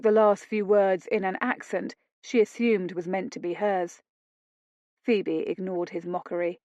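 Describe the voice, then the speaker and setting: A woman narrating a romance audiobook in a measured, even storytelling manner. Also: mid-range voice, no room sound. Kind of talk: scripted narration of a romance novel. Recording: dull dry lo-fi studio read.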